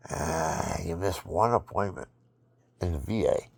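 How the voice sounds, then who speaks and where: A very low, gravelly male voice, husky and worn, rambling on about faith while fighting off sleep. He lurches from loud bursts down to near-whispers. It sounds like a phone recording in a dry, close room at home. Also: measured pace, no room sound. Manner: rambling, drifting between loud bursts and murmurs. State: sleepy, extremely tired. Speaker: vlogger. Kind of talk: rambling religious monologue.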